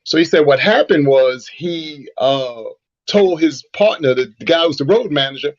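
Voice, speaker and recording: Husky guy on a radio show, kinda high voice, rambling story, muffled sound. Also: moderate pace. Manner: animated storyteller, frequent "you know" fillers. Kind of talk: casual radio chat, storytelling.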